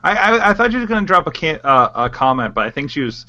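Male podcast co-host, excitable chatter, dull lo-fi sound. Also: a little high, fast, no room sound. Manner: animated, excitable, stumbles over words. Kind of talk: casual chat. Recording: muffled lo-fi audio.

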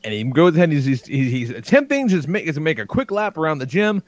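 Brief: lively, swearing male storyteller, slightly high voice, dry close mic. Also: quick pace, dry recording. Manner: profane, excitable, laughing storyteller. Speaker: podcast co-host. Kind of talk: animated storytelling.

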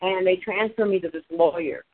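A woman telling stories in a casual, animated way, retelling her conversations. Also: fairly low pitch, a little fast, slight background noise. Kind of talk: casual storytelling on a call-in show. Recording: tinny phone line.

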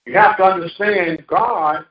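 A male pastor preaching a sermon with call-and-response, laughing at times and rising into shouts. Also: high voice, unhurried. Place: church sanctuary. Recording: echoey church hall, lo-fi. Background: congregation responding.

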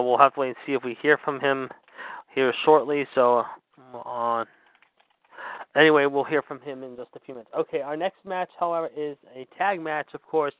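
Male call-in host, smooth and clear, phone-line audio, peppers every line with fillers. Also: mid-range voice, dry recording. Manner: leans on filler words like however and of course. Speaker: radio show host. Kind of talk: call-in wrestling radio show. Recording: tinny phone-line sound.

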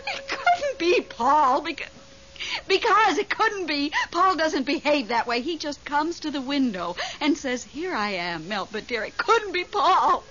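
A lonely, fretful middle-aged widow in an old radio drama, her fairly high voice swooping widely as her nerves rise. It is heard through a dull vintage broadcast with a light hiss. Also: a little slow, exaggerated voice. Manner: fretful, excitable, talks on the phone. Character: lonely widow, nervous and devoted. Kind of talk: 1970s radio drama acting.

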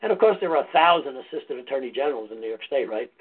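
Husky man telling a story over the phone. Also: mid-range voice, expressive, racing. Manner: conversational, meandering storyteller. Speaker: podcast guest, foundation founder. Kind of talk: casual anecdotal storytelling. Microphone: phone or call line. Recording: tinny phone-line audio.

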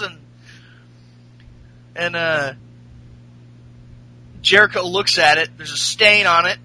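A man's voice: high-pitched, takes it slowly, pauses often, sharp tone, poor audio. A man hosting a podcast, recapping a show in a rambling, profane, casual way. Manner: rambling, profane, laughing storyteller. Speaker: podcast host.

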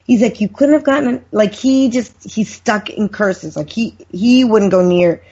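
A woman's voice: medium pitch, a little slow, husky. A woman guest on a podcast, chatting and telling stories casually. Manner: chatty, warm storyteller. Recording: muffled lo-fi call.

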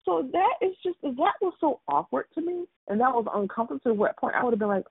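Animated woman on a tinny phone line. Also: sits high, fast talker, gravelly, husky, dry recording. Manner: animated, acts out quotes. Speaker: caller. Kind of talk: casual chat.

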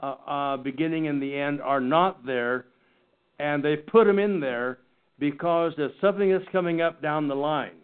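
A man teaching a Bible study class in an earnest, halting way, often restarting his sentences. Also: on the high side, clear, resonant tone. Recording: tinny phone-like recording.

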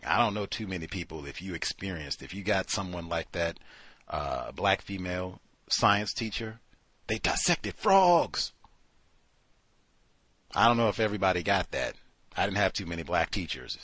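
Animated man, husky and bright. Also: low-pitched, dry recording. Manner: animated, acts out quoted voices. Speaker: podcast host. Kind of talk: casual commentary.

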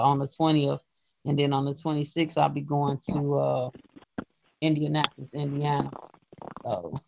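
A woman hosting a casual radio talk show, telling her news in an animated, emphatic way. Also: low voice, creaky, no room sound. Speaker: poet and show host. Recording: dull, lo-fi call-in audio.

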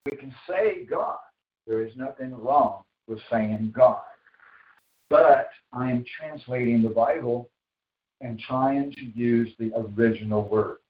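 A man preaching a sermon as pastor, slow and emphatic, repeating phrases for weight. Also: medium pitch. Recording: echoey, dull sound from far off the mic.

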